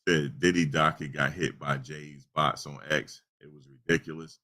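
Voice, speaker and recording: Super deep voiced guy rambling on his stream, aave, lots of restarts, bright punchy tone, desk mic. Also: fairly even intonation, normal speed. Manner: rambling storytelling with many restarts. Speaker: channel host. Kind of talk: casual live-stream chat. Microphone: desktop USB microphone.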